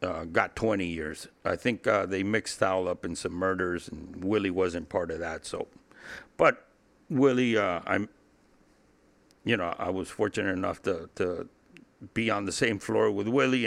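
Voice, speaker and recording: A low, gravelly older man from Cuba tells his story as an interview guest. His voice is bright and forward despite its depth, and he talks bluntly, swears freely and keeps laughing between lines. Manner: blunt, profane, laughs often, repeats himself. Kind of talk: candid storytelling in a podcast interview.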